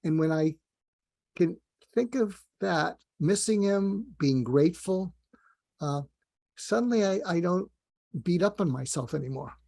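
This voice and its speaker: A man's voice: high-pitched, lively intonation, a little slow, gravelly, pauses often, dark tone. An older man, a guest in a conversation, telling stories candidly and a little hesitantly. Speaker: guest, executive coach. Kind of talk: conversational interview.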